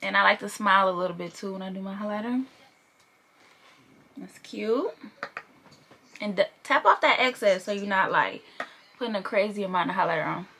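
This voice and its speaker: A woman's voice: medium pitch, normal speed, gravelly, long pauses, bright, forceful tone, slight background noise. A young woman chatting casually through a makeup tutorial, playful and a bit profane, laughing as she goes. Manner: chatty and playful, swears and laughs while working. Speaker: beauty vlogger.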